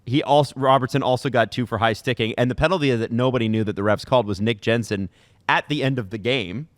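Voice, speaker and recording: A man's voice: medium pitch, quick pace, dry recording. Man hosting, dry close mic. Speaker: podcast host. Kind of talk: casual chat with ad reads.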